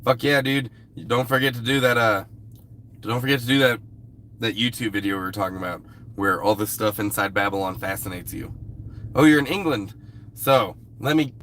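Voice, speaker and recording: Low-voiced man chatting on a livestream. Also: sharp tone, a little hiss or hum. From US West Coast. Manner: loose, rambling and profane. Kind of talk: casual live-stream chat with viewers.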